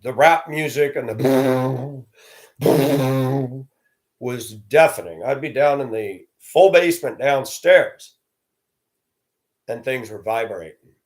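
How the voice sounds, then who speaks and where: A man's voice: medium pitch, slow pace, long pauses, a little mellow. A middle-aged man telling personal stories in a blunt, plainspoken way. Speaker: storyteller host. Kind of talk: personal storytelling monologue.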